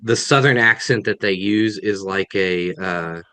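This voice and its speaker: A guest author on a video call answers webinar questions thoughtfully, often restarting and correcting himself. His voice sits fairly low and moves a little slowly, with a sharp, clean tone in a dry recording.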